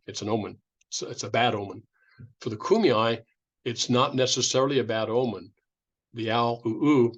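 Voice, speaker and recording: A man's voice: lowish voice, fairly bright tone. Conversational male lecturer from California. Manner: conversational, with restarts and imitated sounds. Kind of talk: informal public lecture. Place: indoor lecture room.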